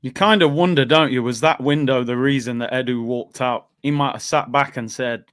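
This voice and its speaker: A man's voice: medium pitch, moderate pace, fairly bright tone, clear, resonant tone, no echo, studio quality. A man hosting a casual football chat, venting in exasperated rhetorical questions. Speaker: podcast host.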